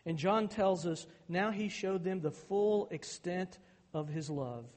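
A man's voice: high-pitched, takes it slowly, darkish tone. A male pastor preaching a sermon, his delivery turning emphatic and intense on key points. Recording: hall reverb.

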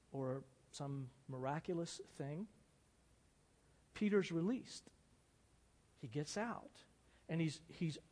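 A man's voice: on the high side, darkish tone, big-room sound. A male preacher giving a sermon, reading from a novel with earnest and dramatic emphasis.

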